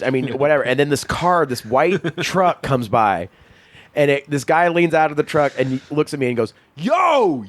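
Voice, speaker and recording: A man telling stories in a casual comedic chat on a podcast, laughing often and shouting out quoted lines. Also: fairly high pitch.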